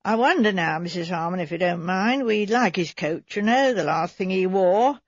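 A woman's voice: fairly low pitch, animated, normal speed, slightly rough, no room sound, highs cut off. A woman narrator voicing a stout, florid middle-aged man who is falsely hearty and pushy, read for an audiobook.

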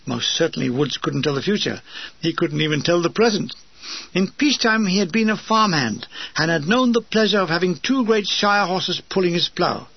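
Wry man narrating with a gravelly voice. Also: sits high, moderate pace, no room sound. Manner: dry, deadpan comic asides. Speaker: narrator reading his war memoir. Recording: dull lo-fi dry recording.

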